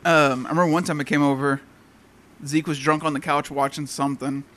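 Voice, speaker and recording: Bright-voiced man recalling anecdotes. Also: a little high, little pitch movement, a little fast. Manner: laid-back anecdote teller. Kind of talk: casual chat among friends.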